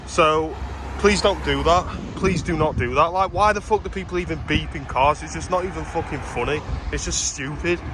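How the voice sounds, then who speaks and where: A British vlogger, in his twenties, walks along a street ranting and swearing as he tells exasperated stories. He talks at normal speed in a higher-pitched voice against a noisy background.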